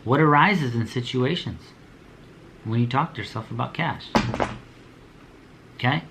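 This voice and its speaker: A man's voice: medium pitch, unhurried, gravelly, noisy background. Blunt, preachy young man with street slang. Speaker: motivational speaker. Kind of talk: motivational talk to business owners.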